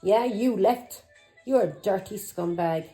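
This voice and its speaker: A woman's voice: mid-range voice, slow, mellow, soft background music, rough recording. Angry woman tarot reader. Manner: angry, accusing, swearing, with taunting questions. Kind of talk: tarot reading vlog.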